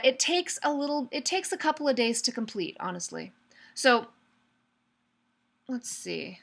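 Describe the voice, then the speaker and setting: A woman's voice: fairly high pitch, sharp tone. A young woman teaching a live online class in an upbeat, chatty way, calling on students by name. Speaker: online course instructor.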